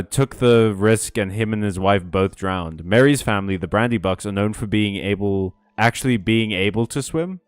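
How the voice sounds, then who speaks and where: A man with a fairly low voice streams a video game, chatting loosely and reacting to chat with sarcastic, sweary asides. His voice is dry and close to the mic, with faint game music underneath. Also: clear, resonant tone, dry recording. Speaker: gaming streamer. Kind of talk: casual let's-play commentary reading chat.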